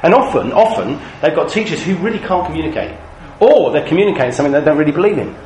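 A British man leads a training session for Christian youth workers, telling stories with an animated, swinging delivery. His voice sits a little high and ranges widely in pitch. He is heard in an echoey room with a faint hum of ambience behind him. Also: fast. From Britain. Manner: lively, animated storyteller.

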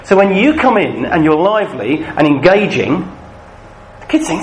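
A British man leading a training session for Christian youth workers, talking in a lively, animated storytelling way. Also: high-pitched, moderate pace, slight background noise. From Britain. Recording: echoey room, faint ambience.

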